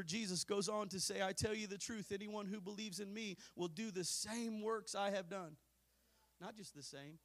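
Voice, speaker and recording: A man preaching a fiery Pentecostal sermon as pastor, swinging from hushed asides to drawn-out shouts. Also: high voice.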